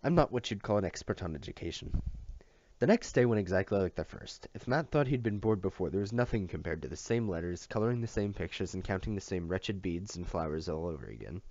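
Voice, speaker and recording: Male audiobook reader, expressive with small slips, low voice, lo-fi dry sound. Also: fast talker, hardly any pauses. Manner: expressive, occasional slips and rereads. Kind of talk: reading a novel aloud. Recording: dull lo-fi dry recording.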